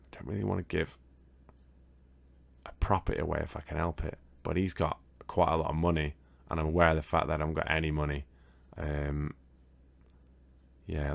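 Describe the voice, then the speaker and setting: A man's voice: extremely low pitch, creaky, fairly bright tone, no echo. A British man casually commentating as he plays a board game video game, rambling and swearing now and then. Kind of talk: casual let's-play commentary.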